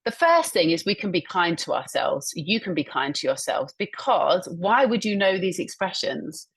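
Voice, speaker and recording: With a lowish, husky, sing-song voice and some vocal fry, a woman speaks at normal speed while running an instructional webinar on a video call. As a communication trainer, she encourages her audience and explains through examples she repeats back.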